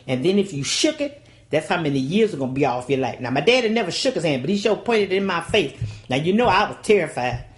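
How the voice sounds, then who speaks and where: Woman, older Southern storyteller, low voice that swings widely, folksy and dramatic. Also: big pitch swings, fast talker, a little hiss or hum. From Louisiana, USA. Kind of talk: oral storytelling.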